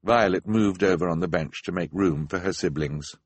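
A man narrating an audiobook in a measured storytelling manner. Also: deep voice, breathy edge, no room sound.

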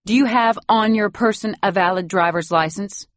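A woman's voice: medium pitch, normal speed, dry recording, pitched above the performer's own voice, natural voice. A woman voicing a haughty, sarcastic elderly upper-class grandmother with a Boston Brahmin accent in an audiobook. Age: over 60. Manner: imperious, acid, sarcastic. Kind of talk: audiobook character voice.

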